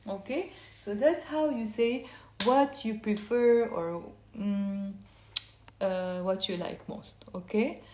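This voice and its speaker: A woman teaching a language lesson, explaining step by step and repeating words slowly for learners to say along. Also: mid-range voice, a little mellow, echoey room. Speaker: Lebanese Arabic teacher.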